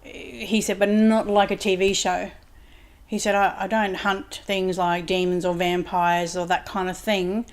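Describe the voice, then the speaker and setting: A woman's voice: medium pitch, level tone, measured pace. Rambling woman telling a story. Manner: rambling, retells conversations with "he said" quotes. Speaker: psychic medium guest. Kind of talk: casual storytelling interview. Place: home lounge room.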